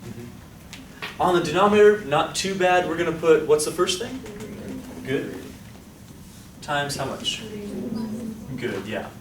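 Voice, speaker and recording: A man's voice: on the high side, big pitch swings, takes it slowly, pauses often. Upbeat male lecturer quizzing his class. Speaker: statistics lecturer. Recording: echoey room, distant mic, background noise.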